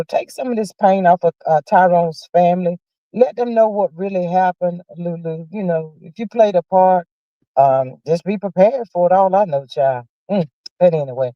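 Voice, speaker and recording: A woman's voice: fairly low pitch, normal speed, no echo. Livestream gossip host, woman: sassy, exclamatory, chatty with viewers; dry, dull-sounding stream audio. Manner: sassy, exclamatory, peppers talk with "child" and "honey"; reads viewer comments aloud. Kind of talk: casual livestream chat. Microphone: streaming setup mic.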